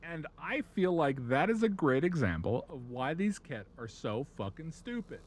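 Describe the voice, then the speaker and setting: A man chatting casually on a live stream, telling a story in a profane, rambling, animated way. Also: fairly high pitch, normal speed, a little hiss or hum.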